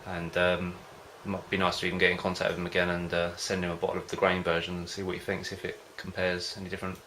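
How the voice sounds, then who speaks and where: A man vlogs casually about home brewing in a low, monotone voice that is fast, bright and forceful. He rambles to camera, often hesitating and losing his thread, with slight background noise.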